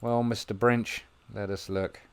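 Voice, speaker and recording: A man talks through his football management game in a lowish voice. He muses quietly over his tactics, then breaks into excited commentary when the chances come. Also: measured pace, clean tone. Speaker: gaming video host. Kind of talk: gameplay commentary.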